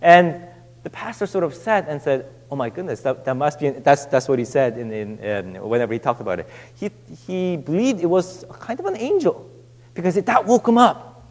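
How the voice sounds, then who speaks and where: High-voiced man preaching in a reverberant hall. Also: very animated. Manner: halting, many restarts and fillers, drops to a hush on scripture. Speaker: pastor. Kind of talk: sermon. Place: church sanctuary.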